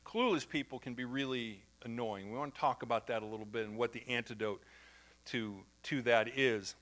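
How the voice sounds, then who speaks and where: A man's voice: mid-range voice, moderate pace, a bit bright. A middle-aged man, who may be a pastor, giving a conversational sermon, telling stories and acting out the voices of the people in them. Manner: conversational, anecdotal, acts out quoted voices. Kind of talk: sermon storytelling.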